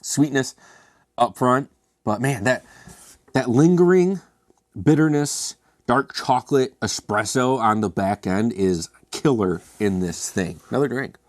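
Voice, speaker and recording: A man's voice: mid-range voice, expressive, a little slow, dry recording, clean studio sound. A man hosting a casual beer review, chatty and self-mocking with rambling asides.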